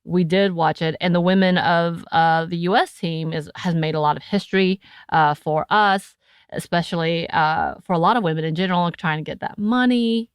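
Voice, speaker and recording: A woman's voice: fairly low pitch, moderate pace, clean tone, no room sound. An American woman co-hosting a podcast, chatting casually with playful asides and frequent laughter. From United States. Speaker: podcast co-host.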